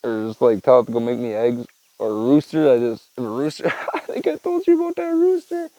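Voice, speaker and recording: A man's voice: mid-range voice, big pitch swings, fairly quick, dark tone, dry recording, rough recording. A man hosting a podcast, chatting casually in a rambling, profane, laid-back way and tacking "man" and "dude" onto his sentences. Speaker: podcast host. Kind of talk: casual storytelling chat.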